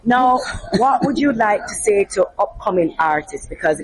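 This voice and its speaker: A woman hosting a casual backstage interview, talkative and lively, hyping her guest and sponsors. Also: mid-range voice, moderate pace. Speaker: host and interviewer. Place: backstage media room at a music festival. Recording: noisy backstage room.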